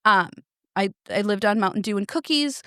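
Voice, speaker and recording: A woman in her thirties tells a family story on a podcast, animated and chatty, acting out the voices of others. Her pitch sits in a middle range and the sound is dry and close. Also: normal speed, clean tone, no echo. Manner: animated, acts out quoted voices. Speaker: podcast co-host. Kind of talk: casual storytelling chat.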